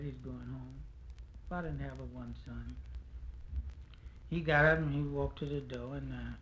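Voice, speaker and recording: A man's voice: fairly high pitch, muffled recording, a little hiss or hum. A man, telling a folk tale in a folksy drawl and singing blues. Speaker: folk singer. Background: guitar.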